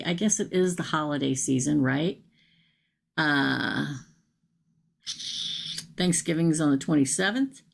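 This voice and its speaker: A woman's voice: deep voice, vocal fry. A middle-aged woman doing live tarot readings, chatty and exclaiming over cards, addressing viewers by name. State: emotional after crying all night. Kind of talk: live-stream tarot reading, casual chat.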